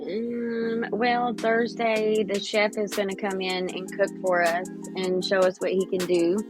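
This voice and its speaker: A woman's voice: mid-range voice, flat delivery, measured pace, music in the background, poor audio. A woman cohosting a casual podcast, giving brief, hesitant answers.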